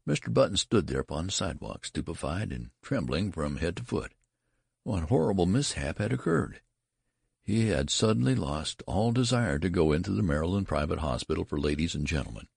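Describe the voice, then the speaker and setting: A man narrating a classic story as an audiobook, with measured, expressive storytelling. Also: sits low, vocal fry, breathy edge, dry recording, studio quality.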